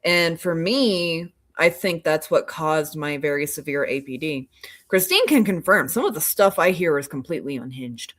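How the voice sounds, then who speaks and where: Chatty woman with a low-ish voice. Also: lively intonation, moderate pace, fairly bright tone. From Oklahoma. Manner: rambling, lots of fillers and self-restarts. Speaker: podcast co-host. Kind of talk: casual chat.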